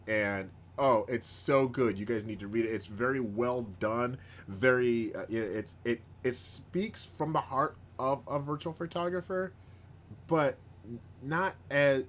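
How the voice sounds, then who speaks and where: A man hosting a live stream in casual chat, rambling, chuckling often and bursting into excited outbursts. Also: medium pitch, unhurried, a little hiss or hum. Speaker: host of a live-streamed show.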